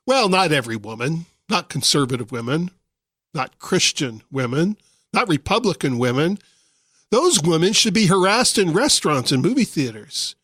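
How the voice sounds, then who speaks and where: A man's voice: a little high, big pitch swings, normal speed, fairly bright tone, breathy edge, dry recording. A man hosting a radio talk show, delivering a sarcastic, indignant political commentary monologue into a studio microphone.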